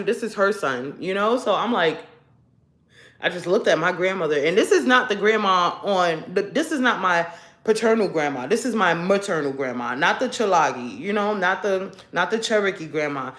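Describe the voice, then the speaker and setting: A woman's voice: mid-range voice, animated, moderate pace, a bit bright, roomy sound. A woman hosting a casual livestream who tells rambling stories, laughs often, and sounds congested. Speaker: livestream host. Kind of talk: casual chat with viewers.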